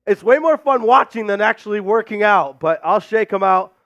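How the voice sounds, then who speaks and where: A man's voice: high-pitched, lively intonation, moderate pace, no room sound, highs cut off. A man hosting a live sports stream from a studio, out of breath after push-ups and hyping up the chat. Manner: hyped, shouting out chat names.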